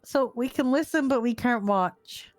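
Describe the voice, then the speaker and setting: A woman's voice: fairly high pitch, unhurried, no echo, faint music behind. A woman in casual in-character role-play chat, curious and questioning, stammering when flustered.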